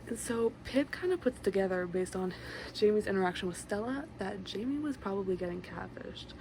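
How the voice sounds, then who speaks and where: A young woman talks through a book's plot in a loose, chatty ramble, full of fillers and quick asides. Her voice has a gravelly fry to it. A fan hums clearly in the room behind her. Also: mid-range voice. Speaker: book vlogger. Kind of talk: casual book summary to camera. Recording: noisy room with a fan running.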